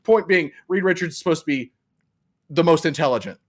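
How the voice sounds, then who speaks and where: Animated laughing podcast co-host, a man. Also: a little high, a little fast. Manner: animated, laughs often, acts out scenes. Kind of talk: casual movie recap chat.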